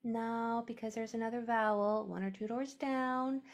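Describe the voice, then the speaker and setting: A woman's voice: on the high side, level tone, moderate pace. A woman teaching a phonics lesson to a class, sounding out letters and syllables, often dropping to a whisper.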